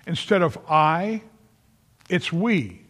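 This sermon comes from a man with a slightly high, a-bit-bright voice that swings widely in pitch as he speaks slowly. His earnest, emphatic preaching repeats phrases for emphasis and names listeners directly, echoing with a large hall's long reverb.

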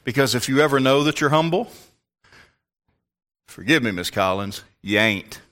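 A man's voice: medium pitch, animated, moderate pace, fairly bright tone. An older man, a pastor, preaching a sermon in an emphatic, folksy way with asides to the congregation.

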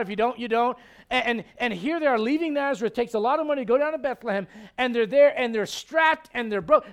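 High-voiced animated male pastor. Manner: animated, joking, acts out quoted voices. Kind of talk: sermon.

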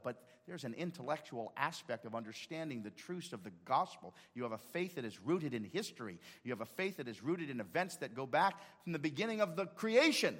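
A man's voice: medium pitch, long reverb tail. A male pastor preaching a sermon, quoting scripture with dramatic emphasis and rising intensity. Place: church sanctuary.

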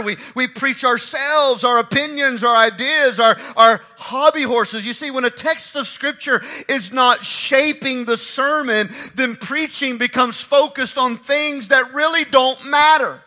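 A man preaching a sermon, driving home repeated phrases and swinging from hushed lines to shouted ones. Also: extremely high pitch. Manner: repeats and drives key phrases.

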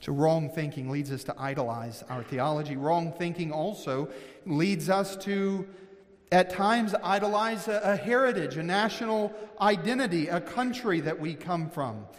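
A Missouri pastor with a high voice preaches an earnest, searching sermon, often restarting and slowing down to give phrases weight. Long reverb trails his words, as though they fill a church sanctuary.

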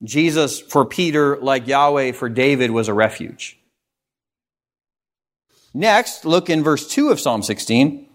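A man's voice: medium pitch, expressive, takes it slowly, pauses often. Man preaching an earnest sermon. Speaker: pastor.

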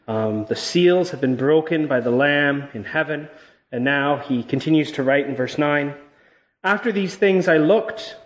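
Pastor, male, slightly high voice, earnest measured scripture reading and prayer, muffled lo-fi sound.

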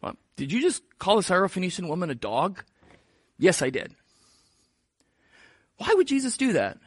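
A man's voice: high voice, wildly swooping pitch, normal speed, slightly rough, no room sound. A man preaching a sermon in a casual, joking storytelling manner. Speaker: pastor.

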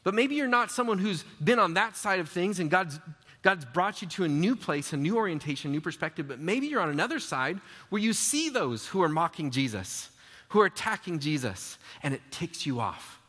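Lively preaching man in a reverberant hall. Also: high voice, brisk. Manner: lively, conversational preaching with acted-out mocking quotes. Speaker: pastor. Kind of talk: sermon.

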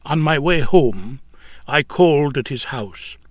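A male reader narrating in a deliberate, earnest voice, lingering over each phrase at an unhurried pace. His voice sits a little high for a man, recorded close and dry with no room echo. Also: animated. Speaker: audiobook reader. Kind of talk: measured storytelling narration of a memoir.

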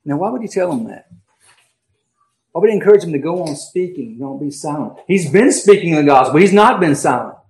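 A male pastor preaching an emphatic sermon, slowing down and swinging between loud stresses and quiet asides. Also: on the high side, expressive, low-quality recording. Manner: emphatic preaching with dramatic pauses and swings in volume.

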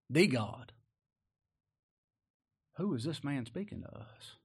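A man's voice: medium pitch, very animated, slow pace, pauses often, husky. A man preaching a sermon in a folksy, conversational way, often asking rhetorical questions.

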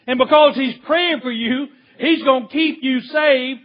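A man preaching a sermon, slow and emphatic, drawing out key words. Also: very high voice, lively intonation, muffled recording.

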